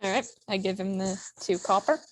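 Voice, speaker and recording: A woman's voice: mid-range voice, fairly quick. A woman playing a tabletop game who speaks in a dry, laconic way. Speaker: player.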